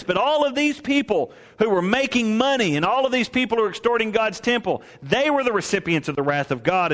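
A man preaching a sermon, swinging from soaring exclamations to hushed asides and acting out the voices of the people in his story. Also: a little high, big-room sound. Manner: acts out voices of priests and merchants. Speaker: pastor.

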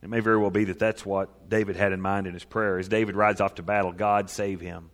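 A male pastor preaching a sermon, emphatic, swinging between loud raised declarations and quiet low asides. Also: level tone, a little fast. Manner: emphatic, rising to loud high-pitched proclamation then dropping low. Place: church sanctuary. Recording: reverberant hall.

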